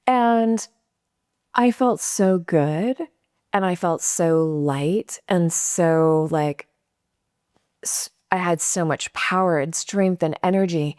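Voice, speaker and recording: A middle-aged woman from California telling a personal story in a casual, animated way, acting out the quotes. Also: lowish voice, normal speed, no room sound, clean studio sound. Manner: animated, acts out quotes with laughs. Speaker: guest storyteller.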